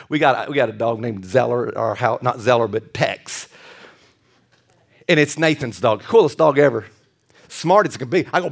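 A middle-aged man preaching a sermon, swinging from loud, stretched-out bursts to quiet, close asides. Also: mid-range voice, lively intonation, a little fast, gravelly. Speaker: pastor.

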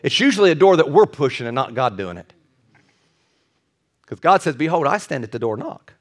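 A male pastor preaching a sermon, telling a Bible story with animated, acted-out quotes. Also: medium pitch, brisk.

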